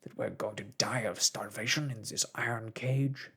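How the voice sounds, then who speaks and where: A man voicing a gruff, angry Canadian harpooner in a soft whispered role-play. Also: rumbling low, wildly swooping pitch, measured pace, pitched below the performer's own voice, heavily acted. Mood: indignant. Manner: raging, blunt.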